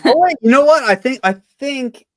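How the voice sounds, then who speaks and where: A man hosting a casual podcast chat, rambling and halting with many fillers. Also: extremely high pitch, expressive, a bit bright.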